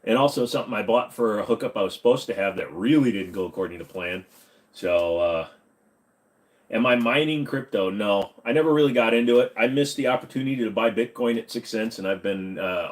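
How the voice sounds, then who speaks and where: A man's voice: lowish voice, a little fast. A man hosting a casual live stream from his home computer room at a desk mic, answering viewer questions with jokes. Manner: slips into a bad Southern accent. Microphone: desk microphone.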